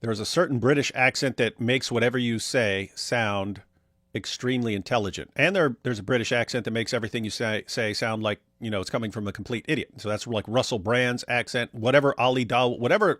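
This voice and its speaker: A man's voice: mid-range voice, fast talker, no room sound. American man hosting, dry close sound. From United States. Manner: excitable, joking, emphatic asides. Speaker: show host. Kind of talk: casual reaction commentary.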